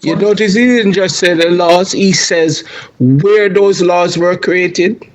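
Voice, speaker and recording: A man joins a casual group Bible discussion, thinking aloud and often stopping to correct himself. His voice is a little high. He sounds like an ordinary participant. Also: slow.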